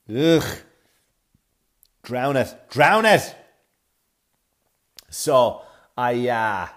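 A man's voice: on the low side, darkish tone. Profane, rambling man telling a story. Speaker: comedian. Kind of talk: storytelling comedy rant.

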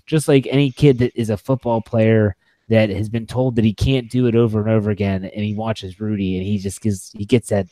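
Man, low voice, dry close sound, casual sports chat, rambling, enthusiastic. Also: steady tone, brisk, warm tone, no echo. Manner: rambling, self-correcting, enthusiastic. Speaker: podcast co-host.

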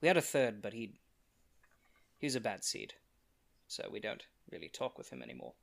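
A man playing his character in a tabletop game, who moves between heated outbursts and quiet, sincere speech. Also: fairly low pitch, sing-song, moderate pace, vocal fry. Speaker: player.

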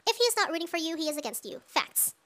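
A woman reads out comments from women viewers in a high, bright voice. She is quick and emphatic, and every word lands firmly. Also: sing-song, slight background noise, full character voice. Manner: brisk, emphatic reading of comments. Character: various women commenters, read aloud.

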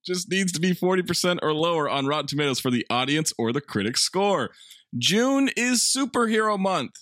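A man's voice: a little high, big pitch swings, moderate pace, a bit bright, dry recording, studio quality. A man hosting a casual comedy podcast, running through cast lists with playful emphasis. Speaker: podcast host.

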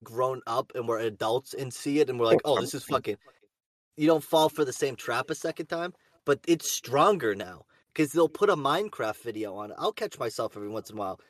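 A man's voice: medium pitch, no room sound. A young man co-hosting a podcast, telling stories in casual chat with lots of swearing. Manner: swearing, excited storytelling. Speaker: podcast co-host.

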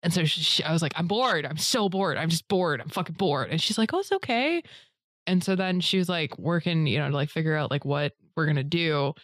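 A woman's voice: deep voice, a little fast, few pauses, no room sound, studio quality. A woman in a casual chat, telling a long story full of fillers and acting out other people's lines. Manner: rambling storyteller, many fillers, acts out others in a raised voice.

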